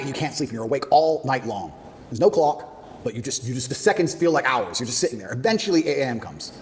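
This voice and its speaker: A man as a podcast guest, telling a story in an animated way, laughing as he goes. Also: medium pitch, a little hiss or hum. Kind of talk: storytelling in an interview.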